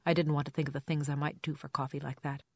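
A first-person detective narration read in a dry, wry hard-boiled tone, at a middling pitch. The recording is dry and close, with no room sound at all. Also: little pitch movement, fast, a little mellow, no echo. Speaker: audiobook narrator.

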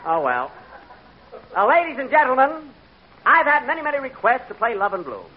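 A man's voice: very high voice, very animated, normal speed, slight background noise. Self-mocking man in an old radio comedy. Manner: dry, self-mocking asides. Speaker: comedian host. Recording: dull old radio broadcast with live audience.

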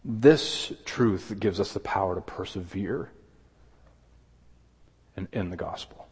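A man preaching a sermon as pastor, earnest, with quick asides and objections voiced in a higher pitch. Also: darkish tone, husky. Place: church sanctuary. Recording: long hall reverb.

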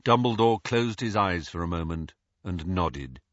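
A man narrating a novel in a measured, expressive storytelling manner. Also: low voice, dry recording, muffled recording. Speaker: audiobook narrator. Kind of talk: scripted narration.

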